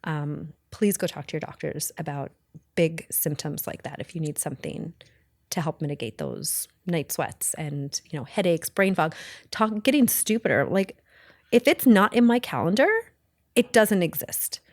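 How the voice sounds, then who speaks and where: A woman's voice: low-pitched, lively intonation, moderate pace, no echo, studio quality. A middle-aged woman hosting a podcast, talking casually and bluntly, rambling with self-corrections and acting out bits of past conversations. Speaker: podcast host. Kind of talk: casual solo podcast talk.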